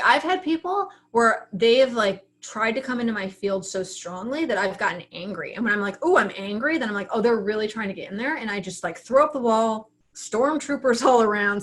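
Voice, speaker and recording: A woman's voice: on the high side, fairly bright tone. A woman coaching writers in a casual livestream class, talking frankly and often acting out her own thoughts. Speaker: writing coach teaching an online class.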